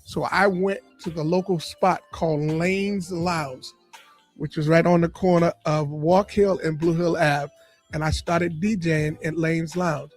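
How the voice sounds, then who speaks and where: High-voiced animated male storyteller. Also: unhurried, soft background music. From Boston area. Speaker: comedian and radio personality guest. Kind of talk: storytelling interview. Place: podcast studio.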